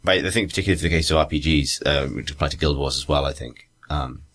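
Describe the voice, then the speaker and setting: A man with a very low voice chats casually as a podcast co-host. He rambles a little and corrects himself as he goes. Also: quick pace, fairly bright tone. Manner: rambling, self-correcting, thinking aloud. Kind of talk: casual chat.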